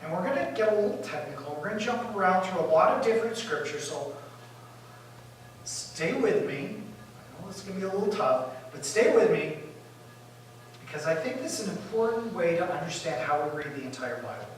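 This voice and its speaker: A male pastor telling a story in a sermon, lively and animated, acting out the disciples' panic and dropping to quiet asides. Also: sits high, quick pace, slight background noise. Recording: echoey room from far off.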